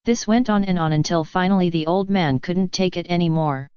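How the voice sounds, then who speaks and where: A woman narrating a series of jokes in an even, unhurried read-aloud manner. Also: fairly low pitch, clean tone, no room sound, highs cut off. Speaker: joke reader. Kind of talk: scripted joke narration.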